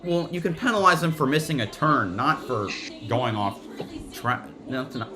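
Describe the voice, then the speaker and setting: A man hosting a live stream, chatting casually and thinking out loud as he watches a race. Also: mid-range voice, expressive, moderate pace.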